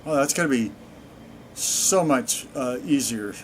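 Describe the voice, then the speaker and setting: Slow, sarcastic gamer man. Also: mid-range voice, slight background noise. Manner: sarcastic, deadpan asides. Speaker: let's play gamer. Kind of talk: gameplay commentary.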